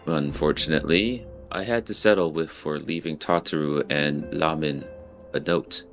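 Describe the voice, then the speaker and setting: A man reading the lines of a solemn young noble scholar from a game, in a formal, measured way. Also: rumbling low, fairly bright tone, faint music behind. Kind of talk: reading game dialogue aloud.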